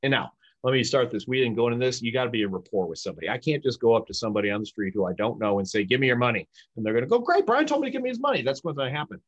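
A man explaining communication techniques in an emphatic, animated coaching manner. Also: medium pitch, very fast, no room sound, lo-fi sound. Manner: emphatic, animated, acts out example lines. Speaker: sales communication guest expert.

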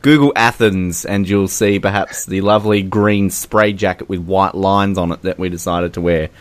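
A man's voice: low voice, steady tone, moderate pace. A man with an Australian accent hosting a casual podcast chat in a joking, teasing way. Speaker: podcast host.

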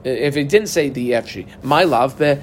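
A man's voice: medium pitch, lively intonation, normal speed, slight background noise. Methodical man teaching Talmud text. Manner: methodical, guides text markings step by step; reads and translates Aramaic phrases. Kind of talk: text study lesson.

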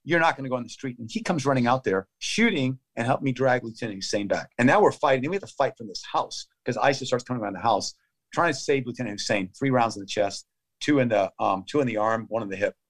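Man in his fifties retelling a story. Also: medium pitch. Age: 50s. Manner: vivid, urgent play-by-play retelling of combat; fast, clipped phrases with restarts. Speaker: interview guest. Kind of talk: conversational storytelling.

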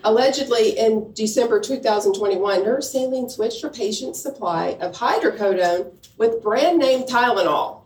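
A woman hosts a comedy show, reading mock news items with playful, deadpan timing. Her voice sounds distant in an echoey room. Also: a little high, normal speed, hardly any pauses.

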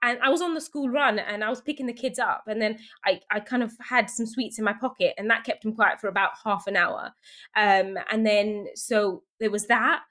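A woman being interviewed, telling lively anecdotes with laughter and quoted voices. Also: mid-range voice, moderate pace. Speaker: guest. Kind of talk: casual storytelling interview.

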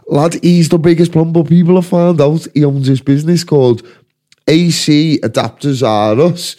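Scouse podcast host, swears a lot, rambling rants, dark mellow voice. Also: male voice, a little high, normal speed. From Liverpool, England. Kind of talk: casual chat.

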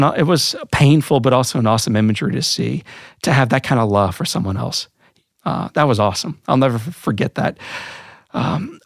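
A man's voice: mid-range voice, gravelly, no echo, clean studio sound. A man hosts a podcast, telling a personal story in an earnest, emotional voice. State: voice thick with emotion. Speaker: podcast host.

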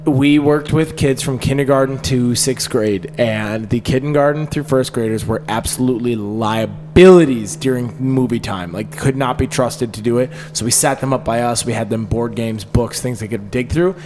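A man's voice: mid-range voice, moderate pace, few pauses, darkish tone. A man in casual podcast chat, blunt and joking, giving confident opinions. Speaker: podcast co-host. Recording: roomy with long reverb and faint noise.

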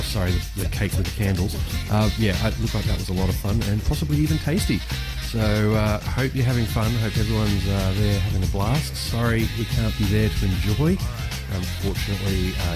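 A slightly low-voiced man rambles through a birthday greeting in a playful way, stumbling over fillers. Loud music plays behind him. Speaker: friend sending a birthday message. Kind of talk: recorded voice message. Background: party with music.

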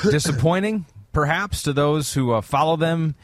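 Measured male host, dry and close. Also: a little high, dry recording. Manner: measured, steers the segments. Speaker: podcast host. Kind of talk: casual sports podcast chat.

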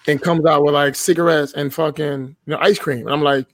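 A man's voice: on the high side, fairly even intonation, brisk, fairly bright tone, dry recording. A young man telling a story on a podcast in a casual, blunt and profane way. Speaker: podcast guest.

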